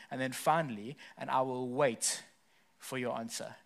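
A man delivering a church sermon with a middle-pitched, ordinary voice. He builds to loud, passionate emphasis on key phrases, then drops to a softer, intimate tone as he moves into prayer. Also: fairly even intonation, normal speed, vocal fry. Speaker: pastor. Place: church service.

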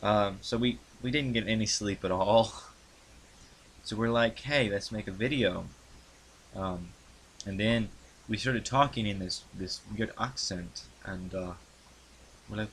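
Rambling young man, low voice. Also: slight background noise. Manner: halting, many ums and restarts. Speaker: YouTuber recounting his channel's history. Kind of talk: casual rambling monologue. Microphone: handheld mic he adjusts.

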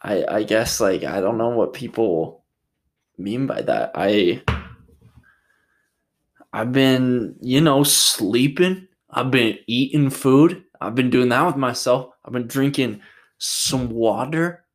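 A man's voice: medium pitch, takes it slowly. A young man from Utah casually answering viewer questions in a vlog. He rambles, jokes and swears freely. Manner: rambling, jokey, swears a lot. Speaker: vlogger.

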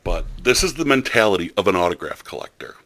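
A man's voice: low-pitched, big pitch swings, fast, fairly bright tone. A man hosting a podcast in casual chat, chatty and enthusiastic with a rambling way of telling stories. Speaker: podcast host.

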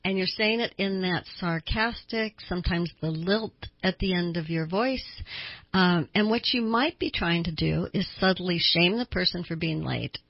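A woman's voice: lowish voice, moderate pace, gravelly, no echo, lo-fi sound. A woman therapist hosting a radio talk show, explaining things earnestly with small laughs.

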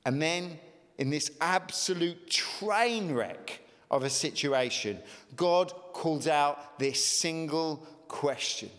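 A man preaching a sermon as pastor, emphatic, with sudden rises in pitch. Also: expressive, slow pace, a bit bright. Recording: long reverb of a large hall.

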